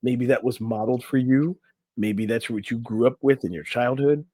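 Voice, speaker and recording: A man with a warm, medium-pitched voice co-hosts a relationship coaching podcast, speaking at normal speed in a room on camera. He chats casually and loosely, reading from an article and adding his own asides, and the recording is dry.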